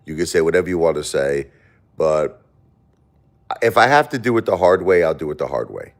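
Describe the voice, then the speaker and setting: Low-voiced man arguing with his chat. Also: sing-song, a little fast. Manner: defensive, argumentative, repeats himself. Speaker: livestream host. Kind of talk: livestream talk to chat.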